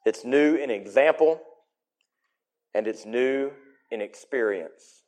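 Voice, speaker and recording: A man preaching a sermon in an emphatic way, his voice swinging between loud and soft. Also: medium pitch, slow.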